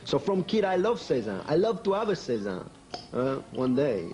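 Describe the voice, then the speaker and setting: An actor playing an earnest young French footballer who speaks with a French accent and halting restarts. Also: male voice, mid-range voice, very animated, darkish tone, lo-fi sound, lightly acted. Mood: sincere. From France. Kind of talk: TV drama dialogue.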